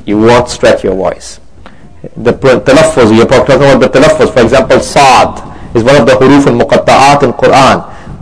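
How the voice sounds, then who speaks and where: A man giving a religious lecture, explaining slowly in English mixed with Arabic terms and often checking that listeners follow. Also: mid-range voice, low-quality recording. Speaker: Islamic teacher.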